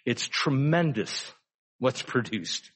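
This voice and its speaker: A man's voice: medium pitch, expressive, takes it slowly, fairly bright tone, slightly rough. An older man delivering a sermon in an easygoing, conversational way. He poses frequent rhetorical questions and stretches out key phrases for emphasis. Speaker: pastor.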